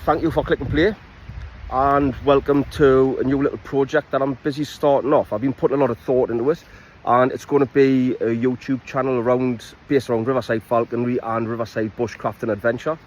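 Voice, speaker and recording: A man with a broad Geordie accent talks casually at a middle pitch, introducing his outdoors vlog. He pauses often with ums and rephrases as he goes. It sounds like a plain phone recording. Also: poor audio. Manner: relaxed, with frequent ums and restarts. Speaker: falconry and bushcraft instructor. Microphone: iPhone.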